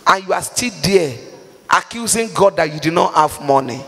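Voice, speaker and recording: Fervent preacher man with a high voice in a big echoing hall. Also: normal speed, fairly bright tone, soft background music. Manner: fervent, pleading, cries out and half-sings prayers. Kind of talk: impassioned sermon with Bible reading.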